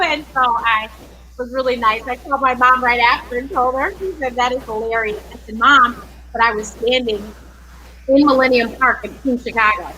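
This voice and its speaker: A woman hosting an interview show, chatting in a relaxed, talkative way. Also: a little high, moderate pace, a little hiss or hum, rough recording. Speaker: host. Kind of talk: casual interview chat.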